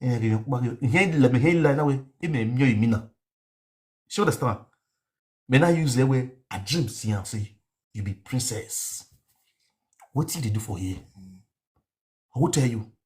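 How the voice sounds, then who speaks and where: A male online show host with a Nigerian accent, medium pitch and moderate pace, pauses at length while telling a wandering story on a live stream. His delivery is animated, full of repeated words, and mixes pidgin with a local language.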